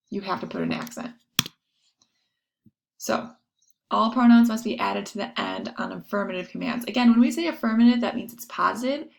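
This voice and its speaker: A woman's voice: medium pitch, vocal fry. A woman teaching a recorded Spanish lesson to her class, explaining patiently step by step with examples.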